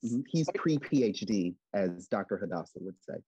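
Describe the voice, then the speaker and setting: A man's voice: fairly low pitch, lively intonation, normal speed, warm tone, slightly rough, no room sound. A man co-hosting a comedic podcast, teasing and boasting in mock pride. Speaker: podcast co-host. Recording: dull lo-fi mic.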